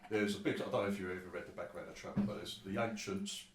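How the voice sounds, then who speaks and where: A man's voice: low voice, racing, a little hiss or hum. A man narrating a tabletop game as game master, rambling and sweary, with many restarts. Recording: roomy sound from a distant mic with faint ambience.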